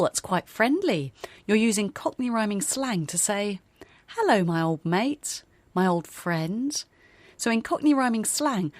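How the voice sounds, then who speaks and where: Lively London-born woman co-presenting a lesson. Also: mid-range voice, no echo. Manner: lively, explaining. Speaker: co-host. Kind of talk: scripted educational presenting.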